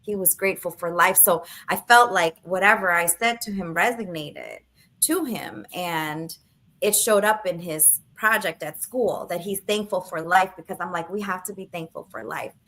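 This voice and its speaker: A podcast co-host in her thirties speaks at a moderate pace, her fairly low voice pushed and bright. She recounts a personal story in an easygoing way, performing the quoted dialogue and laughing at times.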